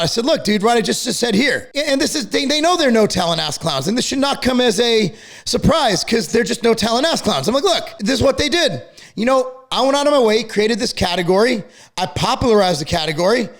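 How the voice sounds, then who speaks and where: A middle-aged man ranting to camera about a feud, angry, profane and worked up to the point of yelling. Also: high-pitched. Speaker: fitness company owner and channel host.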